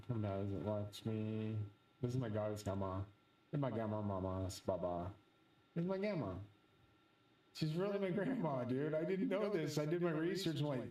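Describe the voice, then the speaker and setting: A man rambling through a profane, excitable monologue as host of his own channel. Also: medium pitch, moderate pace, reverberant, recorded from a distance, low-quality recording.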